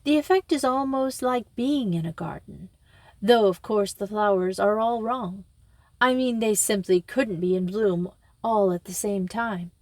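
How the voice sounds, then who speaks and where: Une femme qui joue une dame bavarde et exaltée. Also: female voice, mid-range voice, unhurried, darkish tone, no echo, lightly acted. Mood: animated. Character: chatty excitable middle-aged lady gardener.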